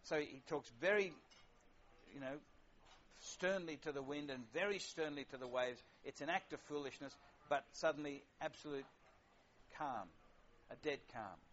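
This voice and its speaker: Man preaching, slightly high voice. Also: moderate pace, fairly bright tone, slight background noise. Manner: conversational, wry, with frequent fillers. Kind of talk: sermon. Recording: lo-fi dull sound.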